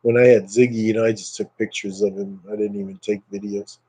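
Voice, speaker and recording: A man's voice: lowish voice, flat delivery, brisk, dark tone, breathy edge, rough recording. A man chatting casually on a live stream, rambling with lots of fillers and thanking viewers by name.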